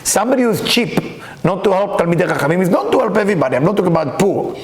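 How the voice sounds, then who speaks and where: A man teaching a Kabbalah class, reading Hebrew texts aloud and explaining them with lively stories. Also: high-pitched, racing. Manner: animated, reads Hebrew text aloud and explains it. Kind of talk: lecture with storytelling. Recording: echoey room.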